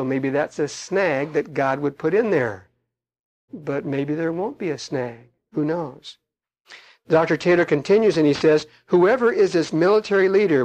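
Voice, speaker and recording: A middle-aged man preaching on prophecy, reading aloud and commenting in a slow, emphatic way with frequent fillers. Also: on the high side, a little mellow, rough recording.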